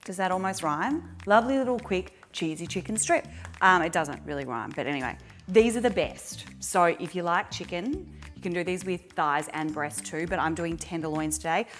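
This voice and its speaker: A woman hosting a home cooking video, chatting casually and thinking out loud as she works. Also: lowish voice, normal speed, soft background music. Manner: chatty, self-deprecating, thinks aloud.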